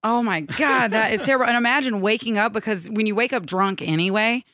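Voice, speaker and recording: A woman hosting a podcast who reacts loudly and quickly to callers' stories. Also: on the high side, no echo, clean studio sound. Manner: reactive, exclaiming. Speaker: host. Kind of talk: casual chat.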